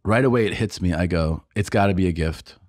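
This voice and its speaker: A man's voice: low voice, fairly quick, a little mellow, no room sound, studio quality. A man on a podcast, casually telling a long story, acting out other people's lines and laughing often. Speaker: podcast co-host and comedian.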